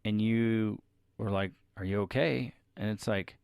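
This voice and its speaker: A man's voice: lowish voice, fairly even intonation, unhurried, vocal fry, a little mellow, clear, resonant tone, no echo. A man co-hosting a podcast with his wife, telling candid, confessional stories in casual chat on a close mic.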